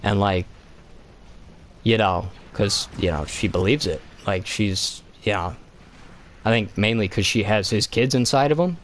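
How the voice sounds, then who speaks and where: A man's voice: fairly low pitch, a little slow, fairly bright tone, a little hiss or hum. Rambling, swearing male streamer. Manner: rambling, heavy swearing, lots of "like". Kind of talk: casual chat.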